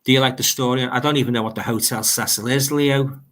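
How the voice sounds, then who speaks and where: A man with a Liverpool accent talks quickly on his casual livestream, his mid-range voice a bit bright and fairly even in intonation. Reading viewers' comments aloud, he chats in a meandering way and often repeats himself.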